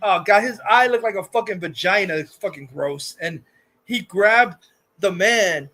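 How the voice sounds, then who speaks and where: A man's voice: sits high, measured pace, pushed and bright, low-quality recording. A man hosting a live stream, rambling through a profane, exasperated movie rant full of restarts and swearing. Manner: exasperated, scoffing. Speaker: host reviewing a movie.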